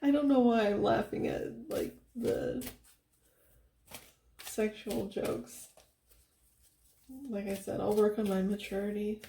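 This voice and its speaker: Soft-spoken woman with a gravelly, mellow voice. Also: medium pitch, a little slow, echoey room, a little hiss or hum. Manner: giggly, chatty, soft-spoken, with frequent fillers. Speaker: tarot reader. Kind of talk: casual tarot reading.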